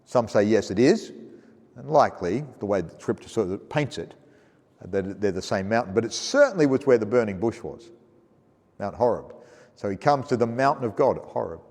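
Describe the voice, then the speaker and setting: Male pastor, Australian accent, chatty sermon, lively pitch, reverberant church hall. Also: normal speed. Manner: conversational, asks the congregation questions; chuckles while reading scripture aloud. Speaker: preacher.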